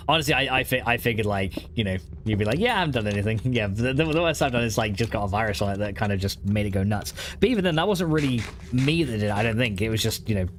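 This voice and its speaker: A man's voice: mid-range voice, a little hiss or hum. A man streaming a modded block-building game, chatting casually while he plays, rambling with lots of "like" and frequent laughs. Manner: rambling, fillers of "like", laughing often.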